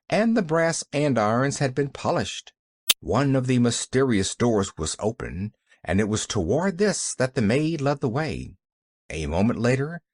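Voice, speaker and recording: A man reading a classic novel aloud as an audiobook narrator with animated storytelling. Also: mid-range voice, no echo, studio quality. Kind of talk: scripted narration.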